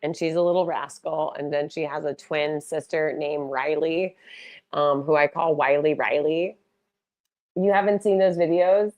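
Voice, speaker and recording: A woman's voice: sits low, fairly even intonation, a little slow, a little mellow. A woman hosting a casual livestream fundraiser on a laptop mic, rambling with loose restarts and the odd swear. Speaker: live streamer hosting a fundraiser.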